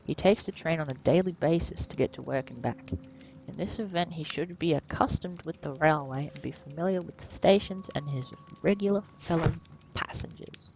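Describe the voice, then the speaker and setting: A woman's voice: sits low, moderate pace, gravelly, noisy background. A woman giving casual, playful commentary while playing a detective game. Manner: playful musing asides. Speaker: gamer. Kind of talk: casual let's play commentary.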